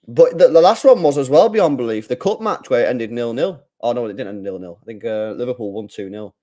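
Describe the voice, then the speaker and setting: A man hosting a live football watchalong, chatting casually, reading viewer comments and getting loud when play heats up. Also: medium pitch, a little fast. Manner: chatty, swings from mumbling to excited shouting. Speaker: live stream host.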